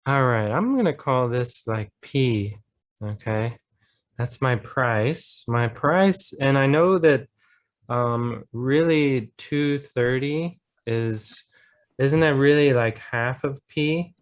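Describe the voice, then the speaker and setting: An American man tutors math at an unhurried, deliberate pace, his voice pitched in an ordinary middle range. He talks through each step patiently and encourages his student. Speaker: math teacher. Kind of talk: online tutoring lesson.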